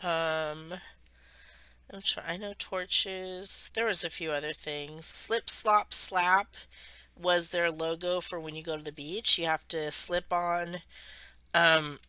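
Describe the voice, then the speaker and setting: A woman's voice: fairly low pitch, fairly even intonation, slow pace, bright, forceful tone, smooth, dry recording. A woman from the United States, hosting a craft channel and rambling chattily through a travel story while she works. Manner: rambling, chatty, self-correcting.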